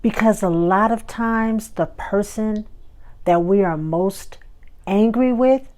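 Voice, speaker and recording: A woman's voice: mid-range voice, expressive, a little slow, mellow. A woman hosting her own show, giving motivational advice in a conversational way and acting out everyday scenes. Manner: conversational, acts out everyday dialogues. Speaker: host. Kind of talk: motivational talk.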